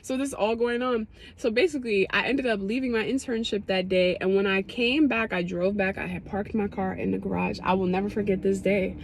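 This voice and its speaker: A woman's voice: mid-range voice, steady tone, brisk, hardly any pauses, slight background noise. A young woman telling a personal story in a casual, dramatic, slangy way. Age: young adult. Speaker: vlogger sharing a testimony.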